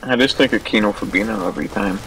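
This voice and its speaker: A man's voice: fairly low pitch, fast, gravelly, a loud crowd, rough recording. A young man chatting as a guest during a gameplay session, teasing his co-host with dry jokes. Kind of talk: casual gameplay banter.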